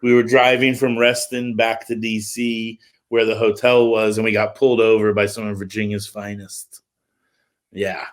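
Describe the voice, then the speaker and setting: A middle-aged man, a music promoter, casually telling an animated story on a livestream call, with lots of filler words. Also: fairly low pitch, normal speed.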